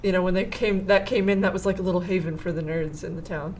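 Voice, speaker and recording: A woman co-hosting a casual tech news chat who grew up rurally, chatty and quick to chime in. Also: on the low side, fairly even intonation, a little mellow. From rural area. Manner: chatty, interjects.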